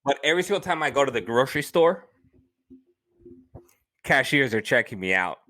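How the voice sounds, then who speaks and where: A man's voice: medium pitch, big pitch swings, moderate pace, pushed and bright. A man co-hosting a comedy podcast, teasing and delivering one-liners in casual chat. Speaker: podcast co-host.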